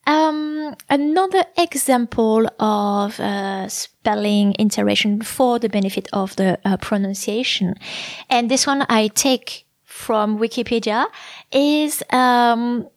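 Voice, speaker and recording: Lady teaching on her podcast, a bit high, lots of uhs and restarts, dry close sound. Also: slow, no echo. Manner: thoughtful, many fillers and restarts. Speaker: French language podcast host. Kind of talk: explanatory podcast lesson.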